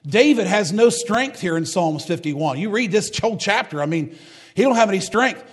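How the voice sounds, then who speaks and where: Preacher, high voice, fervent and repetitive, ramps up to loud emphatic preaching. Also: male voice, animated, unhurried. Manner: reads scripture in old-fashioned wording. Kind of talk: sermon.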